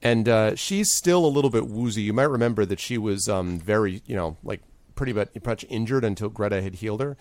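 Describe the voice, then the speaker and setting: A man's voice: on the low side, lively intonation, quick pace, hardly any pauses, a little mellow, no room sound. A man narrating as game master in a rambling way with many fillers.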